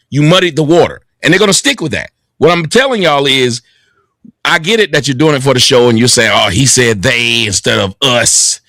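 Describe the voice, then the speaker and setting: Bright, forceful man arguing. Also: sits high, dry recording, studio quality. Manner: argumentative, challenging. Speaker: host of a reaction stream. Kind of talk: heated panel debate.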